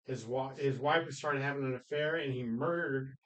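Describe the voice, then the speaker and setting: A man talking through movies in a relaxed podcast chat. He retells scenes with animated, storytelling energy, often breaking into loud quoted lines and laughter. His voice sits in an ordinary middle pitch. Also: a little fast, rough recording. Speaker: podcast co-host. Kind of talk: casual film discussion.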